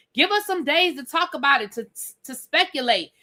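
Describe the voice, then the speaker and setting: Bright, sassy woman host. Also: extremely high pitch, animated, fairly quick, few pauses. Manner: chatty, sassy, addresses viewers as girl and y'all. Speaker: reality TV review host. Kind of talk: live rant and review stream.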